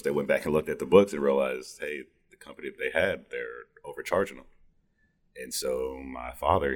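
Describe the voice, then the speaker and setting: A man with a deep radio voice, a business owner answering questions in a relaxed, polite way. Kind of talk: casual interview.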